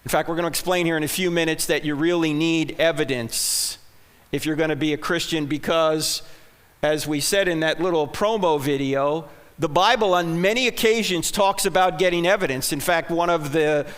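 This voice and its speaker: Punchy high-pitched New preacher. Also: male voice, normal speed, a bit bright, clear, resonant tone, in a large hall. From New Jersey. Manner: punchy, joking, rhetorical questions. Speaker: conference speaker. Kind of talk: sermon-style talk to a live audience. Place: church auditorium.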